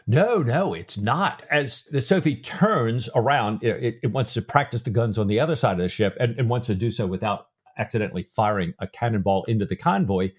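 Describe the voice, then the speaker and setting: A man's voice: medium pitch, fairly quick, few pauses, husky. A man co-hosting a book podcast, talking casually with frequent fillers and restarts. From grew up Lutheran, not Norwegian-speaking. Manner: conversational, many fillers and restarts. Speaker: podcast co-host.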